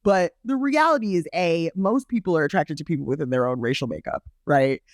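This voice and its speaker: A woman's voice: sits low, lively intonation, brisk, no room sound. Woman, Brooklyn accent, casual podcast chat, emphatic, frank, dry close recording. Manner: emphatic, frank, restarts often. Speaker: podcast co-host.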